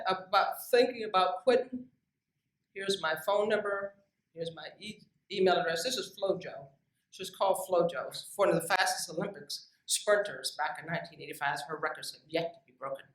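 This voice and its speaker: A woman's voice: fairly low pitch, normal speed. Emphatic woman lecturing in an echoey room. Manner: emphatic, direct, lively with asides. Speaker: scientist giving a lecture. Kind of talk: motivational lecture to young researchers. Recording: echoey room, distant mic.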